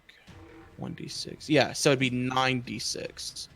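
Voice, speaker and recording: A man's voice: medium pitch, fairly even intonation, a little slow, vocal fry, fairly bright tone, faint music behind. A man playing a tabletop game, thinking aloud and counting dice under his breath. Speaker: player. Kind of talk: casual tabletop game chat.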